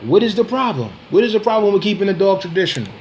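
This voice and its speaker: A man's voice: high-pitched, big pitch swings, fast talker, a little mellow, highs cut off, slight background noise. A man ranting on a casual video, confrontational, using street slang, repeating himself and laughing scornfully between points. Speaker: dog breeder and vlogger.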